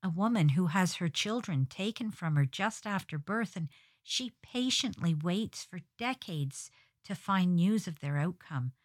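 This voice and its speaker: A woman's voice: fairly low pitch, expressive, measured pace, no echo, clean studio sound. A woman hosting her own podcast, telling funny stories in a wry, scripted way, with hard-sounding g's at word ends. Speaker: podcast host.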